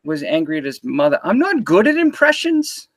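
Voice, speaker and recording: A man's voice: high voice, huge pitch swings, normal speed. A man hosting a casual live-stream chat on a video call, playful and teasing his guest. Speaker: host.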